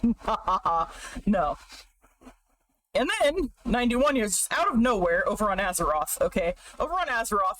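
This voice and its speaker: Brief: rambling, profane woman streamer explaining lore, laid-back and slow-paced. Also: fairly high pitch, fairly bright tone, low-quality recording. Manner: profane, rambling, laughs often. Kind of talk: casual livestream lore narration.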